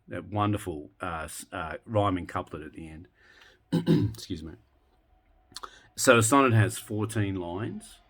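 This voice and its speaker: A man teaching a relaxed, unscripted lesson on a poem, full of ums and restarts. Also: sits low. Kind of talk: casual spoken lesson.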